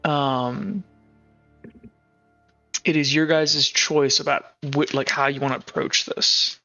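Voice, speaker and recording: Casual male game master, bright, slightly high voice, dull lo-fi mic with faint music behind. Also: takes it slowly, vocal fry. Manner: casual, many filler words. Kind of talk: narrating a tabletop game.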